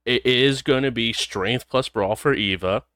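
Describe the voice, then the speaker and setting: A man's voice: mid-range voice, a little slow, a bit bright, no echo, studio quality. A man running a tabletop game as game master, laid-back and amused.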